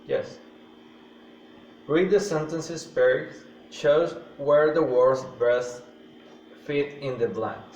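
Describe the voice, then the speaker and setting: A man's voice: a little high, very slow, pauses often, a little mellow, highs cut off, a little hiss or hum. Distant hesitant male student in roomy class. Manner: hesitant, repeats words after teacher.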